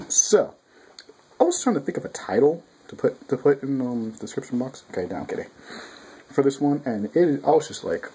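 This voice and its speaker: A man's voice: medium pitch, fairly quick, breathy edge, poor audio. A young man reviewing a manga chapter in a casual, rambling, profane way, at home with his cat nearby. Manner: profane, rambling, animated quoting.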